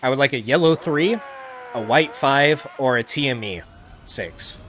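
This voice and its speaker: A man from the States chats easily while streaming a racing game, his voice bright and sharp at the front. He rambles in a relaxed way, dropping filler words as he thinks aloud, with a faint hum of noise behind him. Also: mid-range voice, measured pace. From United States. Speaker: livestream gaming host. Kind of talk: casual live-stream chat while playing.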